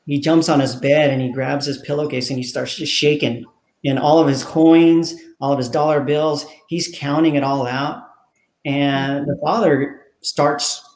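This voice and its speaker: A man's voice: on the high side, a little slow, gravelly, roomy sound. A man being interviewed as an author, telling a story and acting out the people in it. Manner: animated storyteller acting out dialogue. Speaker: author and guest.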